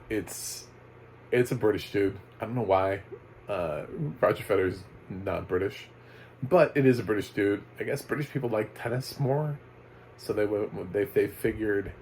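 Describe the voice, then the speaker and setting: A man's voice: fairly low pitch, a little mellow, slight background noise, low-quality recording. A man giving a casual, rambling video review of a documentary, full of fillers, restarts and chuckles. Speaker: movie reviewer.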